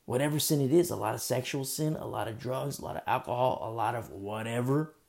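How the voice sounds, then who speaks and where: A man preaching a sermon, impassioned, rising to emphatic questions and dropping to a hush. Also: medium pitch, a little fast, vocal fry.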